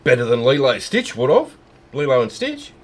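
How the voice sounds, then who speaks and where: A man's voice: medium pitch, huge pitch swings, moderate pace, slightly rough. A man, hosting a fluid art video and trading jokes and teasing banter with a friend while painting. He is hot and tired, and laughs often. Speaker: fluid art channel host.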